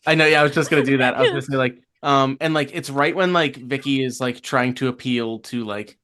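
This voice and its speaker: Player narrating, rambling, mid pitch. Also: quick pace, fairly bright tone. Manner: rambling, many fillers, laughing. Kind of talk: casual game narration.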